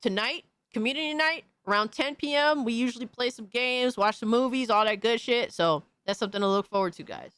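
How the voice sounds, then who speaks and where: A man's voice: extremely high pitch, brisk, few pauses, pushed and bright, clean tone, no room sound. A man hosting a stream, ranting in a blunt, profane and mocking way full of slang. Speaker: streamer host. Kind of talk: casual profane rant.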